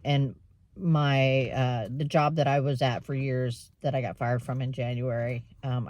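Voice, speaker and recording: A woman talking openly to her viewers in a casual vlog, with many fillers and frequent throat clearing. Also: a bass voice, darkish tone, no echo. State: tearful at times. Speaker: vlogger. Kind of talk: casual vlog chat while running errands.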